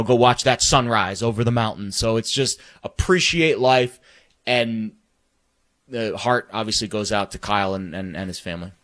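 A man co-hosting a sports talk show, speaking reflectively in a halting way, with many ums and restarts. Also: on the low side, fairly bright tone.

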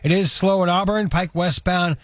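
A man giving a radio traffic report in a rapid, matter-of-fact rundown. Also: high voice, fairly even intonation, no room sound, clean studio sound.

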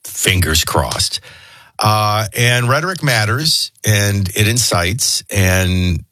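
A man's voice: fairly low pitch, animated, takes it slowly, pushed and bright. A middle-aged man hosting a radio show, chatting casually and jokingly, moving from news into personal anecdotes. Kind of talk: casual talk radio banter.

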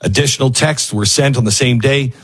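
A man hosts a casual news commentary show, speaking at medium pitch with a brisk, slightly bright delivery and a breathy edge. He's sarcastic and acts out the people he quotes in other voices.

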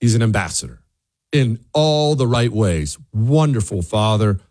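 A man delivering an opinion monologue, full of rhetorical questions and repeated words, who jumps up into high mocking voices when he quotes other people. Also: lively intonation, unhurried, darkish tone, no room sound. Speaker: commentator.

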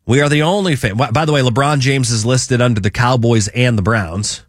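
A man's voice: mid-range voice, moderate pace, dry recording, studio quality. A man with a Midwestern accent hosting a casual sports talk radio show, rambling a little with plenty of fillers. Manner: relaxed, rambling, frequent fillers. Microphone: studio mic.

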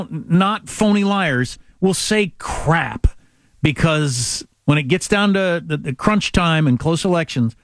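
A man's voice: high voice, no room sound. A man hosting a podcast, chatting opinionatedly and mockingly about politics in a rambling way. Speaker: podcast host. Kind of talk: casual political chat.

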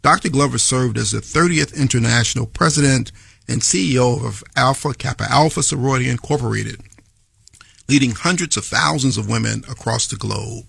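A man hosting a radio talk show, giving a long introduction and interviewing a guest in a measured, emphatic way. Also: medium pitch, creaky, a bit bright, breathy edge, no echo.

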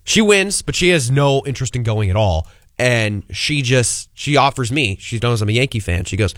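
A young adult man co-hosting a talk show, telling stories in an animated, teasing way. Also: medium pitch, normal speed, dry recording, studio quality. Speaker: radio show co-host. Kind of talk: casual chat.

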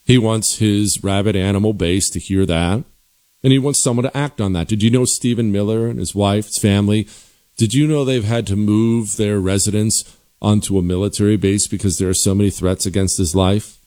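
A man hosting a political commentary show, talking forcefully and sarcastically with emphatic repetition. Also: lowish voice, fairly even intonation, normal speed.

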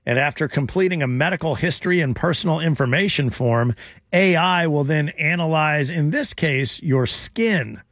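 A man's voice: on the high side, fairly bright tone, no echo, clean studio sound. A man hosting a radio talk show, reading news items and joking with his co-hosts. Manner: wry, joking, reads news items aloud.

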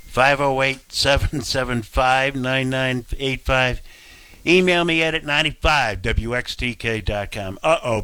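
A male talk radio host with a bright, forward voice, recorded dry and close. He speaks bluntly and rambles through his opinions. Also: medium pitch, dry recording.

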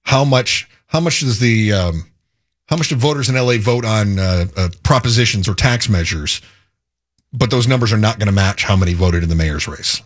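A man co-hosting a political talk radio show, musing aloud with halting restarts. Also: lowish voice. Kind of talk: casual political chat.

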